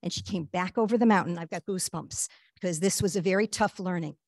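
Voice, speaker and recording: A woman guest telling a personal story in an earnest, halting way, with frequent fillers and restarts. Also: fairly low pitch, a little mellow, no echo, studio quality. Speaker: guest speaker.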